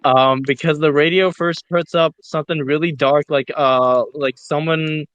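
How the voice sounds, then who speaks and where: A man with a fairly high voice rambles through a casual story and swears freely as he goes. His sound is close and dry, with no room around it. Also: a little slow, clean tone, no room sound, muffled recording. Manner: rambling, heavy swearing, animated retelling. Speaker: audio chat participant.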